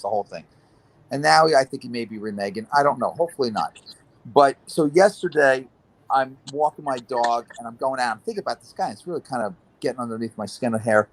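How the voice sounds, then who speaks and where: Casting: middle-aged male host, casual, heartfelt storyteller, mid pitch. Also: no echo. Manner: storytelling, emotional, swears casually. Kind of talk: casual chat.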